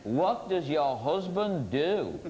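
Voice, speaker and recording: A man's voice: a little high, very animated, slow, darkish tone. A man hosting a TV quiz show, joking and teasing the contestants. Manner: teasing, jokey banter with contestants. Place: TV studio with audience. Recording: noisy 1990s TV broadcast.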